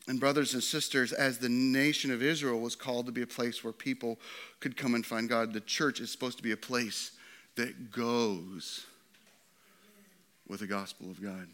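A pastor preaching a sermon to his church, swinging from loud and excited to quiet and hushed. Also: medium pitch, normal speed.

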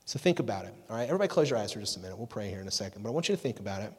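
A man preaching to a youth group, energetic and jokey, chatting with the crowd. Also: on the low side, rapid-fire, slightly rough. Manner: energetic, jokey, talks with the audience. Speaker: youth pastor. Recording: long reverb of a hall.

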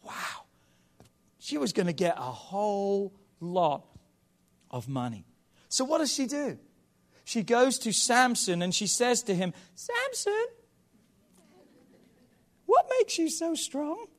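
A man's voice: high voice, expressive, measured pace, pauses often. A man preaching at a family service, reading a children's Bible story aloud and calling on the audience to repeat lines. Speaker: pastor.

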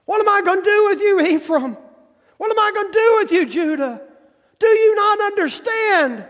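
A man acting out God as a frustrated but loving father, crying out in a pleading, high-pitched voice. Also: lively intonation, moderate pace, fairly bright tone. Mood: exasperated. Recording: long hall reverb.

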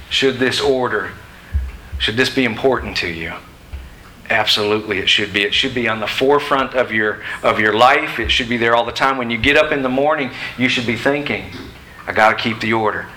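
A man's voice: medium pitch, normal speed, pushed and bright, slight background noise, low-quality recording. A middle-aged man preaching a sermon in a church, emphatic and questioning his listeners. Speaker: pastor. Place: church sanctuary.

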